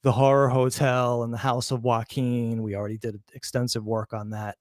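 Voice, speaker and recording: A man's voice: medium pitch, level tone, moderate pace, few pauses, dry recording, studio quality. A man hosting a true crime commentary, reading letter passages aloud and mocking his critics with chuckles and restarts. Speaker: true crime channel host.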